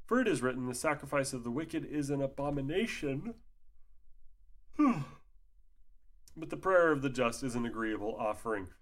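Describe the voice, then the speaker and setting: A man's voice: medium pitch, lively intonation, normal speed, long pauses. A sleepy man reading old religious rules aloud and breaking in with sarcastic, mocking asides. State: sleepy, yawning. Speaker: commentator.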